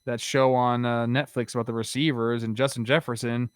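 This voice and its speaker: A man in his thirties co-hosts a baseball talk show in a loose, rambling way, leaning on fillers as he goes. His pitch is middling and his sound is dry and close to the mic. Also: little pitch movement, brisk, clean tone, no room sound. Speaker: co-host, former player. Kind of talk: casual sports talk show.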